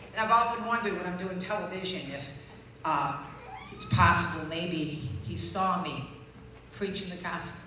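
A woman preacher giving her testimony in a somewhat low voice, acting out the people in her story and building to loud, fervent peaks. She is heard from a distance in a very echoey hall with clear background noise. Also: moderate pace. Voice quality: distinctive voice. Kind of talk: testimony sermon.

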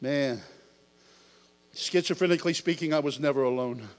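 A man preaching a lively sermon, swinging from hushed talk to shouts and laughing between lines. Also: on the high side, normal speed. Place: church sanctuary. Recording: long hall reverb.

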